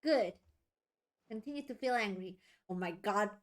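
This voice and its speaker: A woman's voice: mid-range voice, moderate pace. A young woman streamer reacting to a game, gushing, laughing and swearing, with game music under her voice. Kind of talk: let's-play reaction commentary.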